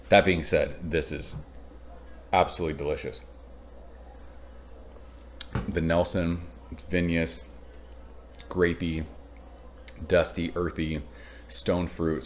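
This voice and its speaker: A man in his thirties from Southern California, casually reviewing a beer in a rambling, excitable vlog, swearing now and then. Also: very deep voice, a little hiss or hum.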